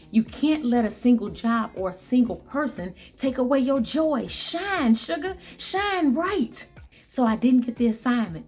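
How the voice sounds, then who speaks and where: A woman's voice: on the high side, mellow. A bubbly, upbeat woman telling viewers a workplace story, repeating phrases for emphasis and talking straight to them. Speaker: vlogger telling a work story. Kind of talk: storytelling monologue.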